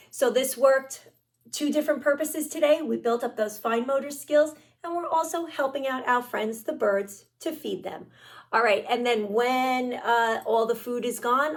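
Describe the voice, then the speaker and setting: A woman teaching young children, explaining a craft and reading a picture book aloud, encouraging and talking straight to the kids. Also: fairly high pitch. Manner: encouraging, speaks directly to kids, many "all right"s.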